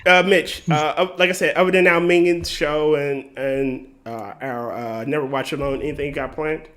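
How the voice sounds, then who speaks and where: Higher-voiced man hosting a chatty show. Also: fairly even intonation, normal speed, fairly bright tone. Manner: rambling, many fillers and restarts. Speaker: podcast host. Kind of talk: casual group chat.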